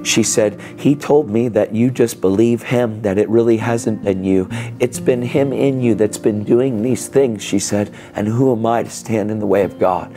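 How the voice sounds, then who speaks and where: A man's voice: lowish voice, normal speed, music in the background. A man telling a dramatic testimony in a church sermon, speaking casually with "man" and "dude" and acting out the other people's voices. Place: church sanctuary.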